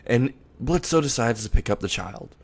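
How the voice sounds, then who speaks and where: A man's voice: mid-range voice, animated, moderate pace, vocal fry, husky. A man narrating a fan-made story in a casual, rambling way, restarting words and swearing casually.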